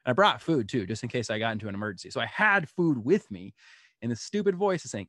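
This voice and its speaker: A man being interviewed, telling personal stories in an animated way and laughing as he goes. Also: mid-range voice, fast talker, no room sound, clean studio sound. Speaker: guest. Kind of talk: storytelling interview.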